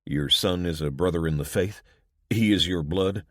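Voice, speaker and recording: Audiobook: man as a pompous, stilted male recruiter, very low voice, dry sound. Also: normal speed, no echo. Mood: formal. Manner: formal, stilted, preachy.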